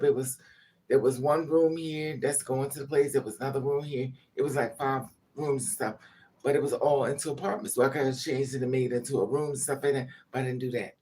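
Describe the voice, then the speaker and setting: A woman's voice: low-pitched, darkish tone. A woman telling a personal story to camera in a casual, confessional way. She rambles and repeats herself, swears freely, and gets emotional as she talks. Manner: rambling, repetitive, emotional and profane.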